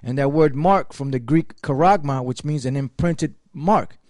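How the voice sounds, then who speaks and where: A man's voice: medium pitch, normal speed, darkish tone, dry recording, clean studio sound. A man preaching and teaching emphatically, reading scripture aloud as he explains it. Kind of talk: sermon-style teaching.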